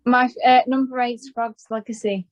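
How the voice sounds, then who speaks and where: A woman's voice: on the high side, steady tone, moderate pace, no echo, muffled recording. A woman joining a casual podcast chat as a guest, making brief, hesitant remarks.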